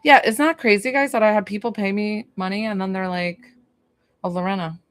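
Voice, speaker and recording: A woman's voice: mid-range voice, brisk, fairly bright tone, clean tone, no room sound, studio quality. A woman hosting a live stream as a psychic medium from her basement, chatting effusively with viewers and swearing casually. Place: basement room.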